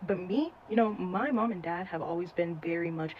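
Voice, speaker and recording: A woman telling a personal scary story in a casual, animated way, full of slang and swearing. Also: lowish voice, moderate pace. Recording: dull lo-fi with faint noise.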